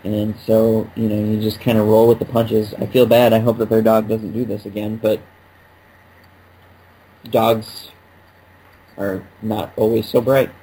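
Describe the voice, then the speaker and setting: Man, podcast co-host, husky voice, playful rambling banter. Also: fairly low pitch, little pitch movement, measured pace, pauses often, mellow, poor audio. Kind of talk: casual chat.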